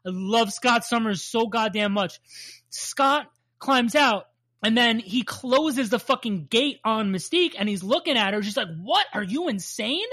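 Speaking unhurriedly in a slightly high voice, a podcast co-host recaps a cartoon episode in casual talk, cursing often and laughing with animation. No room sound is audible.

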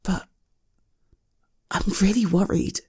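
A young woman in a one-sided audio role-play as a caring partner, gentle and soothing with hesitant pauses, close to the mic. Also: medium pitch, steady tone, husky, no room sound.

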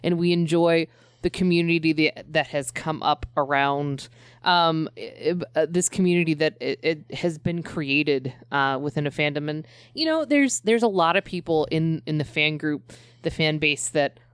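A woman's voice: low-pitched, measured pace, smooth, dry recording, clean studio sound. A woman in her thirties chatting casually as a podcast co-host, rambling with many fillers and restarts. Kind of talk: casual chat.

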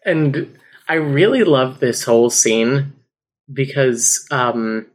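A man in casual podcast chat, reading passages aloud and laughing along. His voice sits at an everyday middle pitch. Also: slow. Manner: laughs often, reads passages with an embarrassed amusement. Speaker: guest on a book podcast.

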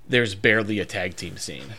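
A man's voice: lowish voice, expressive, normal speed, pushed and bright, breathy edge. A man co-hosting a casual chat, giving strong opinions and thinking aloud with frequent ums. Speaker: podcast co-host.

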